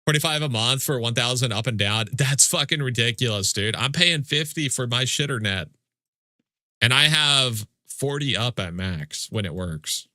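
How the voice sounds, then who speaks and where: A man's voice: mid-range voice, expressive, moderate pace, bright, forceful tone, dry recording, studio quality. A man streaming a game live, chatting casually with viewers in mock-indignant, joking complaints and swearing freely. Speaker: livestreamer. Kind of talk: casual livestream chat with viewers.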